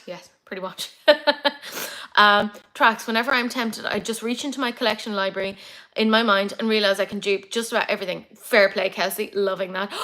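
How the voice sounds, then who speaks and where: A young woman hosting a casual makeup livestream, chatty and excitable as she reads comments. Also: medium pitch, a little fast. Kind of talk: casual live chat reading comments.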